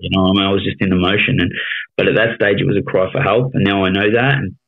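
An Australian man in his thirties with a lowish voice tells his story bluntly, swearing often and checking in with "you know what I mean." The sound is thin and tinny, like a phone line. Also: fairly even intonation, fast, creaky. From Melbourne, Australia. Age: 30s. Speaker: podcast guest. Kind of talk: casual storytelling interview.

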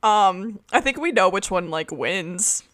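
A young woman chatting casually as podcast co-host from her room at home. She talks slowly, her pitch swinging widely as she jokes. She laughs easily. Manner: giggly, playful, lively intonation. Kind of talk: casual chat. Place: dim room at home, surrounded by cords.

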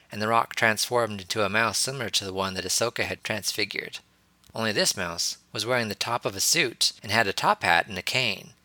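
A man narrating a fan fiction story as an audiobook reader, in a steady storytelling manner. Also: fairly low pitch, no echo.

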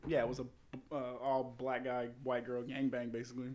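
Fast-talking crude storyteller man. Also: mid-range voice, a little hiss or hum. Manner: crude, animated storytelling with acted quotes. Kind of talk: casual storytelling chat.

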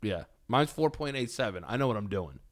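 A man's voice: medium pitch, animated, brisk. Blunt, joking young man podcaster. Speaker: podcast co-host. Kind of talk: casual chat.

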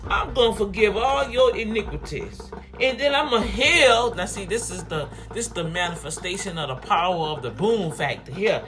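A preacher delivering a fervent sermon, urging the congregation to respond and repeating phrases in bursts that swing between loud and soft. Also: medium pitch, animated, moderate pace, few pauses. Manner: fervent, repetitive call-and-response, big swings in loudness.

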